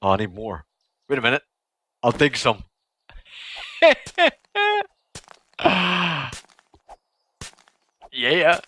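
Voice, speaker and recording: A young man giving casual live commentary while he plays a game, excitable and laughing often as he chats to viewers. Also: a little high, extremely slow, long pauses, a little hiss or hum. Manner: excitable, giggly, chatting to viewers. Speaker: gaming streamer.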